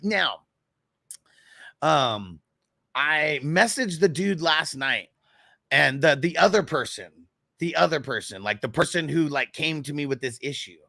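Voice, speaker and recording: A man's voice: a little high, animated, a little slow, vocal fry, pauses often, pushed and bright, dry recording, studio quality. A man hosting a fantasy football show, telling a story in a casual, profane, rambling way. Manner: profane, rambling, with frequent laughs.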